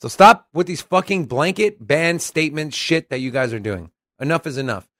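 A man's voice: fairly high pitch, moderate pace, dry recording, clean studio sound. A man co-hosting a crypto podcast in casual chat, reading news articles aloud and commenting in a brash, profane way. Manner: brash and profane, animated when reading quotes. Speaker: podcast co-host.

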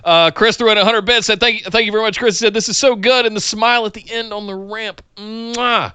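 A man co-hosting a podcast, chiming in with quick jokes in casual wrestling chat. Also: sits high, steady tone, sharp tone, smooth, dry recording. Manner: joking, quick interjections. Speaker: podcast co-host.

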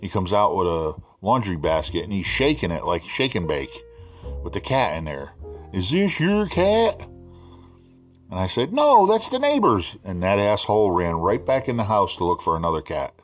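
A middle-aged man hosting a podcast, telling animated, profane stories in a casual way. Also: sits low, fairly quick, faint music behind. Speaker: podcast host. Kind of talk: casual storytelling.

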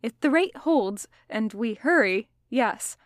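A woman's voice: on the high side, expressive, dry recording, studio quality. A woman reading the part of a precise, logical young man who talks in exact, formal phrases. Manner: exact, formal speech, quick when alarmed.

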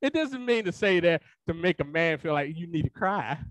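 Brief: male pastor, fairly high voice, emphatic and repetitive, dry close-miked sound. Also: expressive, normal speed, dry recording. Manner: emphatic, colloquial, repeats phrases for emphasis. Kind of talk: sermon. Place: church sanctuary.

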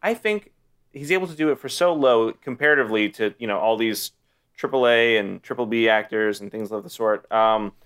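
A man co-hosting a casual podcast about films, eager and excitable, talking in bursts. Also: fairly low pitch, fairly quick, smooth. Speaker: podcast co-host. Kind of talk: casual chat about movies.

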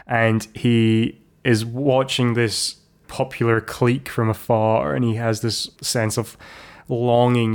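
A man's voice: fairly low pitch, clean tone. A man co-hosting a podcast, recapping a film in a rambling, playful way with many restarts. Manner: rambling, self-correcting, playful. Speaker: podcast co-host. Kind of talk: casual chat recapping a film.

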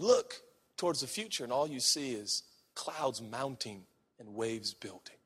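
A man preaching a sermon at a conference, swinging from hushed near-whispers to shouts. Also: medium pitch, lively intonation, measured pace, breathy edge, long reverb tail.

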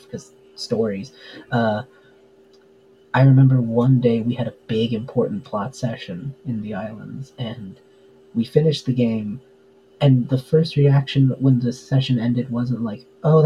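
Chatty man with a mellow, muffled voice. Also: medium pitch, slight background noise. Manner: chatty, many fillers, laughs easily. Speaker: podcast guest, tabletop game player. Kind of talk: casual interview chat.

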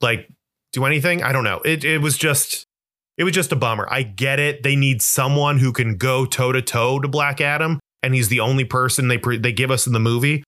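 Bright-voiced excitable man ranting. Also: mid-range voice, a little fast. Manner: animated, profane ranting, voice jumps up when worked up. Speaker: podcast co-host. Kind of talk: casual movie chat.

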